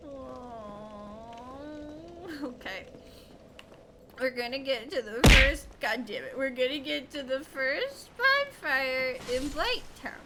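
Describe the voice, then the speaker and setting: A woman's voice: high voice, animated, slow, pauses often, very noisy. A young woman streaming a video game, chatting casually, laughing often, swearing freely and joking about herself. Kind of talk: casual gameplay commentary.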